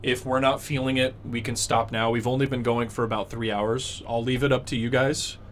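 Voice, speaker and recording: A man's voice: mid-range voice, flat delivery, fairly quick, a little hiss or hum. A man running a tabletop game as dungeon master, patiently explaining the rules and narrating the scene, with many fillers along the way.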